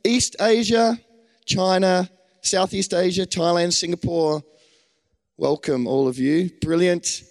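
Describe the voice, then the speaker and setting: A man's voice: high voice, fairly even intonation, takes it slowly, big-room sound. An Australian man preaching a sermon, calling out to a gathered congregation with enthusiasm. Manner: enthusiastic, calls out to the crowd.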